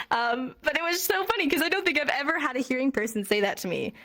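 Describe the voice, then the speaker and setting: A woman's voice: sits high, expressive, fast talker, hardly any pauses, sharp tone. A young woman casually teaching a sign language class online, chatty with many fillers and frequent laughs.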